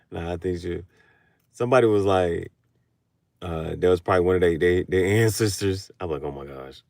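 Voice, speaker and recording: A man in a casual late-night monologue who talks animatedly and laughs often, moving between low mutters and loud outbursts. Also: moderate pace, creaky, long pauses, no echo, studio quality. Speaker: vlogger.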